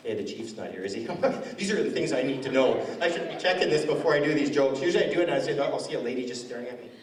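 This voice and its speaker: A man's voice: medium pitch, lively intonation, fast. A man doing stand-up comedy in a school hall, telling stories in a rambling, chatty way. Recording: echoey hall from far off.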